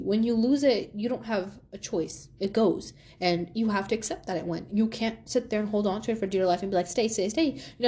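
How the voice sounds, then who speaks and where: A young woman with a mid-range voice hosts her own podcast, talking through a personal story in a relaxed, chatty monologue. She keeps slipping into the people in her story, jumping up in pitch as she acts out their lines. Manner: animated, acts out quoted dialogue with pitch jumps. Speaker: podcast host.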